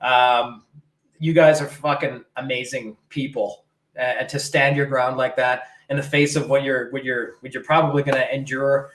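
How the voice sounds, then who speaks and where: A man's voice: mid-range voice, flat delivery, moderate pace, fairly bright tone, echoey room, poor audio. A man from Canada co-hosting a casual political podcast, rambling and emphatic, swearing freely. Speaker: podcast co-host.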